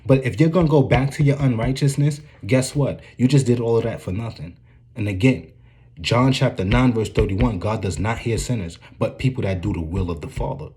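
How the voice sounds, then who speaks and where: A man's voice: mid-range voice, a little fast, a little mellow. A man giving an informal, earnest preaching commentary, often checking in with "you dig what I'm saying".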